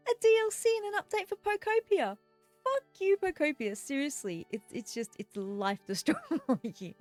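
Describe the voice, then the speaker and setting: A woman game streamer chatting casually and excitedly with her live viewers while she plays, giggling often. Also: sits high, normal speed, faint music behind.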